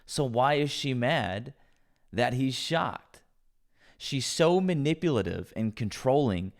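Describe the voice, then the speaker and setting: A man's voice: medium pitch, animated, slow. A man commenting on a clip in a scornful, mocking tone. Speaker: reaction commentator. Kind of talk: reaction commentary.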